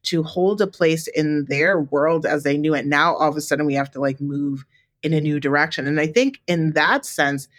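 A woman in her forties, co-hosting a podcast, telling a story in a relaxed, reflective way with many "like"s and "you know"s. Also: low-pitched, normal speed. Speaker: podcast co-host. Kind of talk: casual chat.

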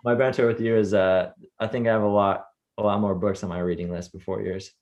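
A man's voice: lowish voice, steady tone, fairly quick, darkish tone, muffled recording. A man guesting on a podcast, laid-back and playful in casual chat.

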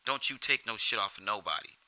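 A man's voice: fairly low pitch, animated, a little fast, pushed and bright, rough recording. A man voicing a mocking male gangster who eggs on a fight with crude, taunting talk.

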